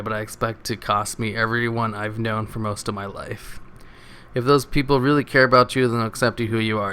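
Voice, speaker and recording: A man's voice: fairly low pitch, fairly bright tone, a little hiss or hum. A man reading forum comments aloud in a casual, sarcastic way, chuckling now and then. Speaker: reader of online posts.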